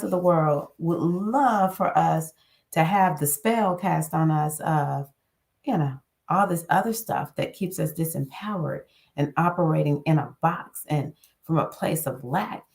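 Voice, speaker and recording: Low-voiced woman giving earnest encouragement. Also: unhurried, vocal fry. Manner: earnest, encouraging, animated self-talk asides. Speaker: spiritual self-help host. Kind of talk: casual inspirational monologue.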